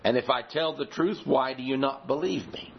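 A man preaching a sermon, emphatic and deliberate, asking his listeners rhetorical questions. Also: mid-range voice, vocal fry. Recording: slightly dull audio with faint background noise.

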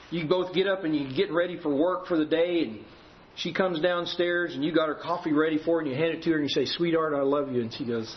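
Male preacher, sermon, animated storytelling, faint room hum in the background. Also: a little high, a little fast. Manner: animated, storytelling with acted dialogue. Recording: muffled lo-fi recording with faint room ambience.

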